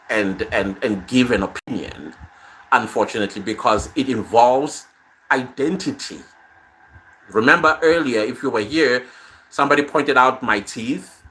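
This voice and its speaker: A man's voice: mid-range voice, sharp tone. A man hosting a casual live stream from his phone, reading viewer comments aloud and answering them in a conversational way.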